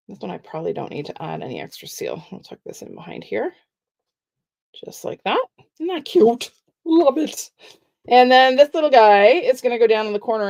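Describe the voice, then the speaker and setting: A woman's voice: fairly low pitch, creaky, darkish tone. Middle-aged lady doing a live card craft demo, chatty, explains every step. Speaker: card-making demonstrator.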